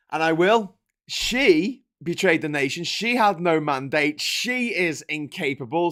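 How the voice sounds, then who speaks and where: A host on a casual livestream goes through the morning papers, sarcastic and rambling and quick to laugh. His voice is mid-range and a bit bright.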